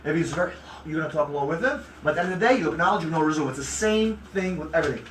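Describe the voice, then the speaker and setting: A man's voice: a little high, expressive, very fast, fairly bright tone, a little hiss or hum. A man leading a sales training for a group, brash and emphatic, acting out what customers say. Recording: echoey room, mic far off.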